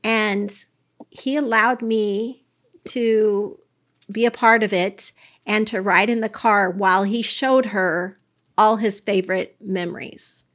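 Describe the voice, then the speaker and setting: A woman's voice: medium pitch, fairly even intonation, takes it slowly, fairly bright tone. Woman co-host in casual chat. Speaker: podcast co-host.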